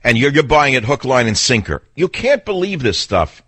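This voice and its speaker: A gruff, slightly husky older man behind a studio mic, his pitch swinging widely as he scolds and mocks. He talks in a blunt, sarcastic, argumentative way, like a veteran talk radio host. The sound is close and dry. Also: big pitch swings, moderate pace, fairly bright tone, dry recording. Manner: blunt, sarcastic, argumentative, mimics people in voices. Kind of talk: combative call-in radio talk.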